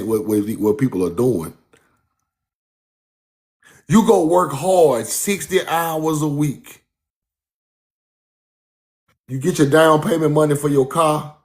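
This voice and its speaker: A man's voice: medium pitch, a little mellow. A man giving a casual, emphatic street-style lecture, repeating his points and calling the listener bro. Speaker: speaker giving a talk.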